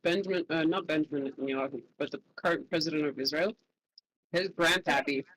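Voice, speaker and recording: A guest talking casually and hesitantly, with many pauses and filler words. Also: medium pitch, fairly bright tone, poor audio. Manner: hesitant, full of ums and trailing off. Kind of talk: casual chat.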